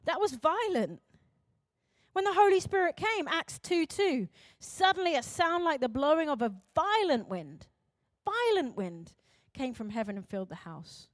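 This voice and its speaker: A young adult woman pastor, preaching emphatically, swinging between loud urgent calls and quiet intense moments. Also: sits high, sing-song, unhurried, no echo, studio quality. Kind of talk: sermon.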